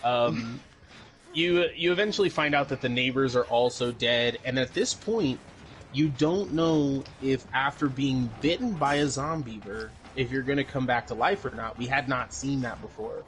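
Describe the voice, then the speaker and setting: A man's voice: mid-range voice, moderate pace, fairly bright tone, a little hiss or hum. Rambling, laughing man recapping a movie. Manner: rambling with many fillers, swearing and laughing. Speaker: podcast co-host. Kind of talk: casual chat, recapping a movie.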